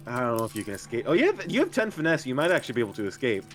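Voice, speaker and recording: A man reading out game prompts in casual tabletop chat, animated and quick to laugh. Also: mid-range voice, soft background music.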